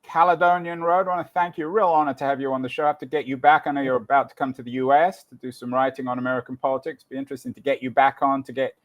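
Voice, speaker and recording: A man hosting a podcast interview, wrapping up briskly with a few restarts. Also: mid-range voice, level tone. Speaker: podcast host. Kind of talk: interview wrap-up. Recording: dull lo-fi audio.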